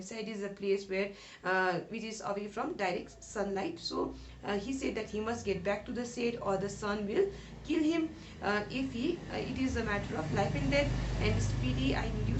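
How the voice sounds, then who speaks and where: A woman teacher explaining a story line by line to schoolchildren, rephrasing each sentence and asking questions aloud with frequent "uh" fillers. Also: fairly high pitch. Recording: echoey room with faint noise.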